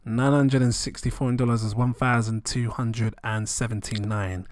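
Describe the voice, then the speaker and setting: Guy rambling on in a vlog, gets all excited, mid pitch, dead dry sound. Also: normal speed, no room sound. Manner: excitable, rambling, chuckles often. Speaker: crypto vlogger. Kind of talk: casual vlog commentary.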